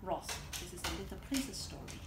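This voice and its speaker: Woman reading a children's book aloud, lively. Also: on the low side, fairly quick, heavy background noise. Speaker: story reader.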